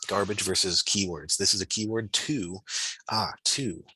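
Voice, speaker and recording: A man's voice: low-pitched, steady tone, normal speed, bright, forceful tone, breathy edge, no echo, rough recording. A man tutoring physics over a video call, talking through his reasoning aloud in a casual, encouraging way. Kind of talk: online tutoring session.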